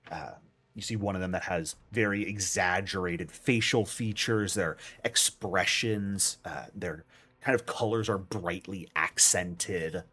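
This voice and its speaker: Male game master, low husky voice, relaxed and halting narration.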